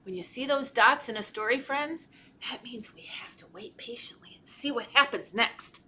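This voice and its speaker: A woman children's librarian reading a picture book aloud to toddlers, animated and playful, gasping and talking to the children. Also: on the high side, normal speed, slight background noise. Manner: animated, talks to children, gasps and laughs. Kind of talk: storytime read-aloud. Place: library storytime video.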